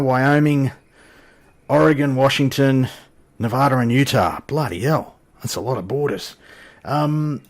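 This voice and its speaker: Australian male host, husky tone, chatty and jokey sim commentary with a bouncy, up-and-down delivery. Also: mid-range voice. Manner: chatty, joking, self-deprecating. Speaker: flight sim channel host. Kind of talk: casual gameplay commentary.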